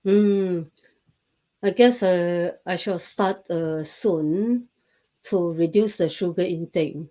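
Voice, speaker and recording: A woman's voice: on the low side, slow pace, warm tone. A woman hosting a casual interview, speaking hesitantly with many fillers. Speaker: host.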